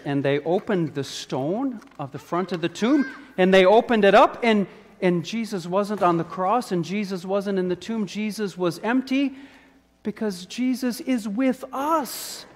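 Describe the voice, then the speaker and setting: A man with a notably high voice leads a children's sermon from the front of a church. He talks in a playful, coaxing way, drawing the kids in with questions. His voice rings out with the long reverb of the sanctuary. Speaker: pastor.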